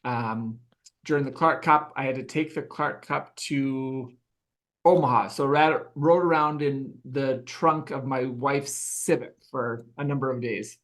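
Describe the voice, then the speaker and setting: A man's voice: mid-range voice, fairly even intonation, a little slow, a bit bright. A man hosting a podcast, chatting and telling rambling stories full of fillers. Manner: rambling, filler-heavy storytelling. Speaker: podcast host. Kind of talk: casual chat.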